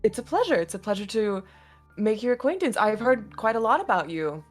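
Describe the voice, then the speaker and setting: A woman's voice: mid-range voice, very animated, fairly quick, soft background music. A woman voicing a polite, formal lady at a royal celebration in a tabletop game. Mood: gracious. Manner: formal, gracious.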